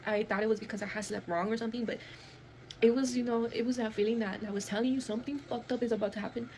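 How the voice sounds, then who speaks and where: A woman's voice: on the high side, steady tone, darkish tone, a little hiss or hum. A young woman telling a personal story in a storytime clip, emotional and profane, acting out what people said. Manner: fast, emotional, profane retelling with acted quotes. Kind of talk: storytime video.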